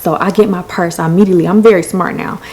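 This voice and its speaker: A woman's voice: lowish voice, fairly even intonation, quick pace, darkish tone, slight background noise, low-quality recording. A woman hosting a podcast, telling a personal story in a candid, emotional way with some swearing. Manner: candid, profane, emotional retelling. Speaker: podcast host.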